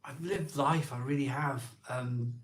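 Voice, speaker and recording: A man in his forties hosting a live stream, talking slowly and emotionally with many ums and restarts. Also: medium pitch, fairly even intonation. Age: 40s. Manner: slow, halting, full of ums and restarts. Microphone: phone.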